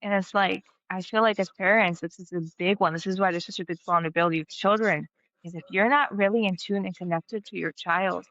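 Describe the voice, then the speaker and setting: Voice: medium pitch, fairly even intonation, a little fast, sharp tone, no room sound, muffled recording. A podcast host giving reflective advice to parents in conversation. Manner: reflective, advisory. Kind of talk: conversational interview.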